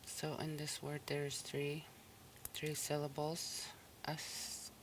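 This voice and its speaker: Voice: medium pitch, takes it slowly, background noise. A language teacher on a recorded listening lesson, repeating each word patiently and breaking it into syllables. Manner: patient, even explaining tone.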